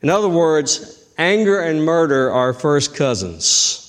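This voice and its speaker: Middle-aged man, pastor, emphatic sermon delivery, fairly high voice. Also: big pitch swings, slow pace. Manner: emphatic preaching, rising in pitch on key points.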